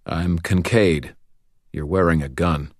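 A man's voice: sits low, steady tone, slow pace, no room sound. A man voicing a laconic hired bodyguard who speaks in short, dry remarks. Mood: curt.

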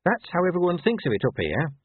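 A man's voice: on the high side, wildly swooping pitch, fast talker, breathy edge, no echo, pitched above the performer's own voice, heavily acted. A man doing an earnest young dwarf corporal. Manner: earnest, deferential, says sir often. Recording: tinny phone-like dry sound.

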